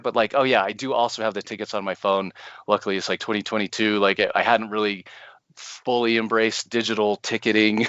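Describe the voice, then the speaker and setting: A man co-hosting a podcast, telling a personal story in a casual, animated way and laughing often. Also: fairly low pitch, dry recording, dull audio. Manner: animated, laughs often, acts out his own panic. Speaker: podcast co-host.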